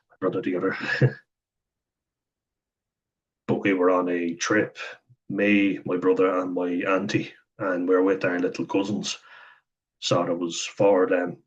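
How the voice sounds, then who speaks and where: A man's voice: deep voice, breathy edge, lo-fi sound. A young Irish man telling candid, sweary stories in a casual vlog, chuckling now and then. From Ireland. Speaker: vlogger. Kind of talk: casual storytelling monologue.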